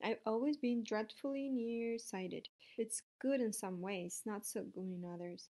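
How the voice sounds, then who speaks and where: A woman voicing a gentle, wise female spider in a storybook reading. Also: a little high, unhurried. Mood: kindly. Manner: calm, gently explaining.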